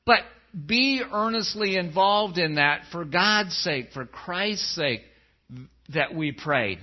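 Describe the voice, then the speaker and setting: A man preaching a sermon as pastor, swinging between loud pleading and low, quiet tones. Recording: dull lo-fi sound.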